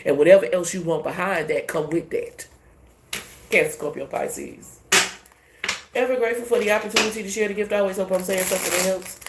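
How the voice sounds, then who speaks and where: A woman giving a casual tarot reading in a brash, profane, animated way. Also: fairly low pitch, echoey room, very noisy. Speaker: tarot reader.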